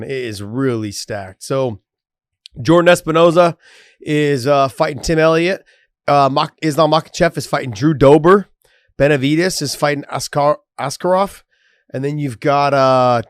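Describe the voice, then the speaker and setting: Recorded dry in a studio, a man with a slightly high voice co-hosts a sports podcast. The talk is loose and casual, full of easy swearing, and includes a sponsor read.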